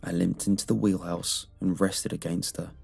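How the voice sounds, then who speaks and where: A man with a very low, gravelly voice narrates a horror story in a slow, measured way. His tone is husky, and faint music plays underneath. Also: steady tone, a little mellow.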